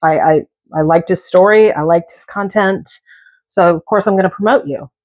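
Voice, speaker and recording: A middle-aged woman chats while she cooks, drifting from one story to the next with jokey asides. Her voice sits fairly low for a woman. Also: normal speed, a little mellow. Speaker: cooking vlogger. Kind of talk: casual chat while cooking.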